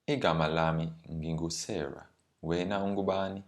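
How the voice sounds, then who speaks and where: A man's voice: low voice, fairly even intonation, normal speed. A man reading a woman learner's part in a scripted language lesson dialogue, in plain careful speech. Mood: polite. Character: woman learner introducing herself, polite.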